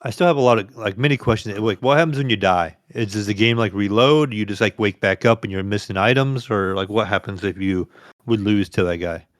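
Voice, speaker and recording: A man's voice: on the low side, a little fast, dry recording, clean studio sound. A man co-hosting a gaming podcast, giving short reactions and asking curious questions. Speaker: podcast co-host. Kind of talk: casual chat.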